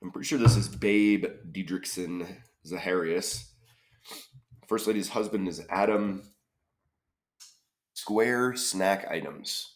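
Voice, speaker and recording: A deep-voiced man works through a crossword out loud, unhurried and tentative. He muses over each clue and trails off into questions, with a slow, measured delivery. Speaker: crossword solver. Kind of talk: thinking-aloud puzzle solve.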